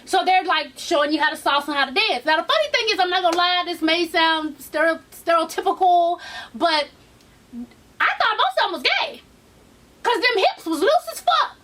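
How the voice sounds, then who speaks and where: A woman tells a travel story in a high, bouncy voice, laughing often and acting out the people she met. Her tone is bright and her delivery loose and profane. She sits a bit away from the mic, with faint background noise. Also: moderate pace, far from the mic. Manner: animated, laughing often, acts out voices, swears freely. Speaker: vlogger telling a travel story. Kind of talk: casual storytelling chat.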